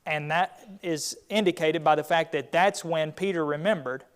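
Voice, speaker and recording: A man's voice: fairly high pitch, fairly even intonation, moderate pace, smooth. A man teaching a Sunday Bible class, retelling a scripture scene in a conversational way.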